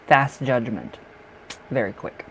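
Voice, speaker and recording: A man's voice: mid-range voice, animated, takes it slowly, fairly bright tone, a little hiss or hum, rough recording. A man from the northern United States giving live-stream tarot readings in a chatty way, laughing often and repeating himself. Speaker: tarot reader.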